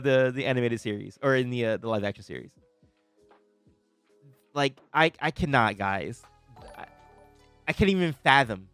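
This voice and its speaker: An excitable young man hosts a live reaction stream, tripping over his words as he gushes and greets his chat. His voice sits at an ordinary middle pitch. The sound is dry and close, with faint music underneath. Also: moderate pace, pauses often, dry recording. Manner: excitable, stammering restarts, laughs often. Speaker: livestream host reacting to a trailer.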